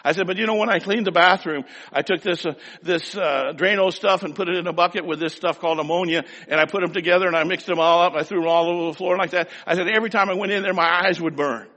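A man's voice: high voice, steady tone, fast talker, hardly any pauses, bright, forceful tone. A man preaching a sermon, telling a homespun story in a folksy, anecdotal way before turning to scripture with emphasis. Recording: long hall reverb.

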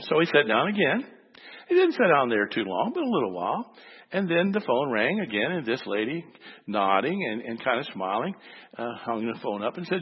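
A man's voice: on the high side, huge pitch swings, fairly quick, husky, in a large hall, muffled recording. A man preaching a sermon, telling a story and acting out its voices before making his point. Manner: storytelling, acts out voices in the anecdote. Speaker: pastor.

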